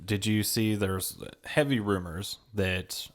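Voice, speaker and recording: A man with a low voice on a movie podcast, easygoing and agreeable. He draws his sentences out with fillers as he shares news. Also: steady tone. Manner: laid-back, agreeable, drawn-out phrasing. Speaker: podcast co-host. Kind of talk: casual movie review chat.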